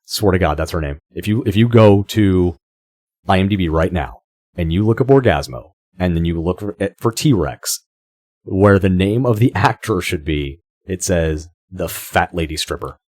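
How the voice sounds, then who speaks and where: A man's voice: low-pitched, lively intonation, moderate pace, a little mellow, dry recording, studio quality. A man co-hosting a podcast, talking casually, swearing freely and often restarting his sentences. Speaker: podcast co-host.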